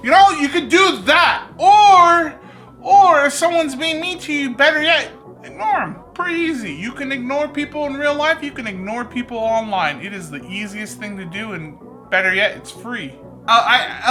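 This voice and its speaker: A woman chatting over a clip in a bright, fairly high voice, mixing sarcasm and jokes with blunt advice. Faint music plays underneath. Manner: sarcastic, joking, lecturing. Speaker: reaction video host. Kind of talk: casual reaction commentary.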